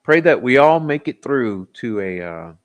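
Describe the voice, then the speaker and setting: A man's voice: mid-range voice, big pitch swings, a little slow. A man hosting a livestream, casually joking with his chat and laughing often, a little tipsy. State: tipsy, giggly. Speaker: livestream host. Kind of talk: casual live chat sign-off.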